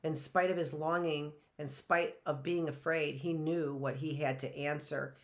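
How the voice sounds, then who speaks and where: A woman teacher reading a children's story aloud, slow and deliberate. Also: low voice, little pitch movement.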